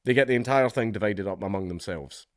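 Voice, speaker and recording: A man's voice: on the low side, fast, no echo, studio quality. A Scottish man giving casual vlog commentary in a sardonic tone, laughing often as he talks. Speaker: political commentator.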